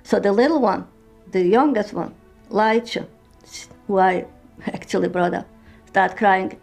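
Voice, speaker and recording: An older woman, her Yiddish, speaks at a middling pitch in a halting, emotional way. Her English is broken as she recounts her own story as personal testimony. Faint music plays softly behind her voice. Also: creaky. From Poland. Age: 70s. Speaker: interviewee.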